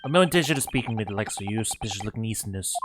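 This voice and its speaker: A man voicing a gruff, hostile middle-aged Scottish prison governor in a put-on Scottish accent, reading game dialogue aloud. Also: lowish voice, expressive, rapid-fire, noisy background, voice pushed down, lightly acted. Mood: contemptuous.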